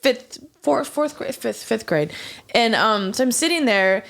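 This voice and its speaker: Casting: woman co-host, casual chat, lively storyteller who trips over words. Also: a little high, measured pace, gravelly. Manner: animated storyteller with stumbles and restarts. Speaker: podcast co-host.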